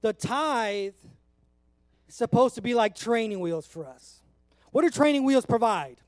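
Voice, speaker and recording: A man in his thirties from California with a very high voice, preaching an earnest, conversational sermon. The sound is close and dry, with no room echo. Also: expressive, unhurried. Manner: earnest, conversational, emotional at times. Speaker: pastor.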